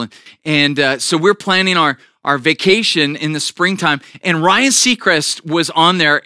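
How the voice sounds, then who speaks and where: A man's voice: on the high side, pushed and bright, no room sound, clean studio sound. A middle-aged man preaching a sermon as a pastor, telling a personal story earnestly with frequent restarts.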